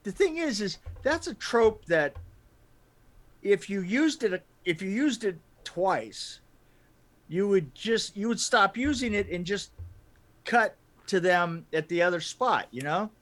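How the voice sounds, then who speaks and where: A man co-hosting a casual movie review chat, talking in halting restarts and laughing often. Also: sits high, expressive, a bit bright. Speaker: podcast co-host.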